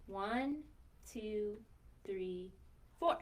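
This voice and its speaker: A woman librarian with a mid-range voice reads a picture book aloud to young children in a sing-song way, pausing to ask them questions and to count slowly.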